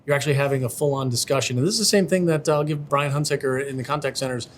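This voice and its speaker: A man's voice: mid-range voice, racing, slight background noise. A man who leads in the company, speaking with enthusiasm in a casual podcast conversation. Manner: enthusiastic and agreeing. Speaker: company leader and podcast guest.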